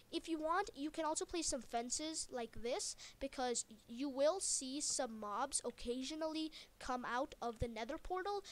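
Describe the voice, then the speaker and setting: A woman with a high voice talks through a casual game tutorial as she builds. She rambles and jokes, trips over her words, and fixes herself on the fly. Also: fairly bright tone. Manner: rambling, jokey, many fillers and self-corrections. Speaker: video game tutorial maker.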